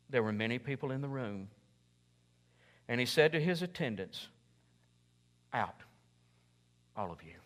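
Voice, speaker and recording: A male pastor preaching a sermon and telling a story in an animated way, swinging from hushed to loud. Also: medium pitch. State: overheated in a sweatshirt.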